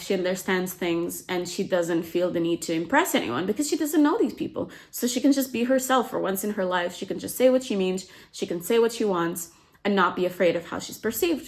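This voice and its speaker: At a moderate pace and in a mid-range voice, a female book summary host chats her way through a novel's plot. She drops "like" constantly and briefly acts out the characters' quotes.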